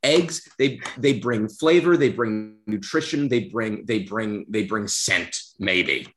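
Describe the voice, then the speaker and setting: A man's voice: lowish voice, takes it slowly, a bit bright, a little hiss or hum. A man in a comedic mock debate on a podcast, heated and profane, calling his opponent mocking nicknames.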